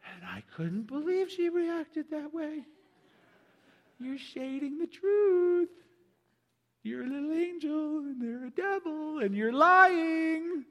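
Male pastor, high voice, animated sermon delivery, long reverb. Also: slow pace, muffled recording. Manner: animated, acts out quoted voices.

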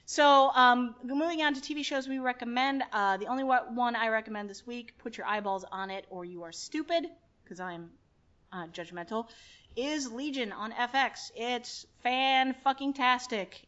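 Podcast host, female, brash and profane, slightly high voice, lo-fi recording. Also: moderate pace, fairly bright tone. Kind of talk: casual podcast chat. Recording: dull lo-fi podcast audio.

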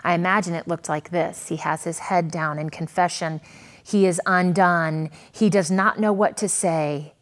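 A woman preaching a sermon, earnest, with dramatic pauses and a voice that swells and drops. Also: fairly low pitch, fairly even intonation. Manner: earnest, dramatic pauses, rises and falls in volume.

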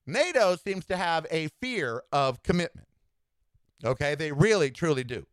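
A man hosting a solo podcast, giving sassy, animated political commentary with campy asides. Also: a little high, a little slow, clean tone, no echo. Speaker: podcast host.

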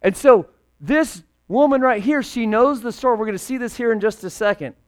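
A male pastor preaching a casual, humorous sermon in a conversational, animated way, joking with the congregation. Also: extremely high pitch, fairly quick.

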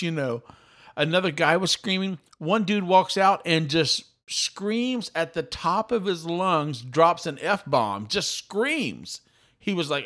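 Excited, talkative middle-aged podcast host. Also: male voice, high voice, unhurried. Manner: animated, talkative, repeats himself. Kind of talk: excited casual chat.

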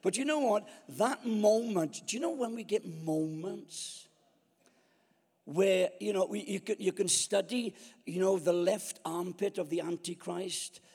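Give me an older male preacher in his seventies telling lively comic anecdotes. The voice is high and husky, and it echoes with a long reverb through a large church hall. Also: unhurried. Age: 70s. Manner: jokey, self-mocking, lively anecdotes. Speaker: guest preacher. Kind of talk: sermon with comic storytelling.

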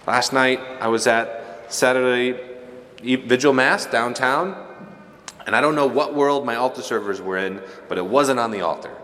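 A man preaching a homily as a priest, animated and full of humor, and he raises his voice to act out the people in his stories. His voice carries a long reverb from the church around him, with a faint wash of room ambience underneath. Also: mid-range voice, slight background noise. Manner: storytelling, joking and animated, quoting others in raised voices. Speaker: Catholic priest. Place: church during Mass.

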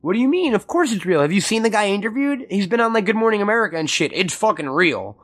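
A man co-hosts a casual audio-only podcast on a studio mic, joking, swearing freely and acting out quotes in silly voices. His voice is high and sing-song, quick-paced and a bit bright.

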